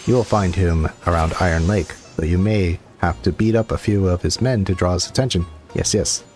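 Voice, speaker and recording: A man's voice: deep voice, fairly quick, darkish tone, faint music behind, close to an everyday voice. A man voicing a sly, boastful little male kobold miner who mutters and repeats himself. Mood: conspiratorial. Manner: sly, repetitive, mutters asides.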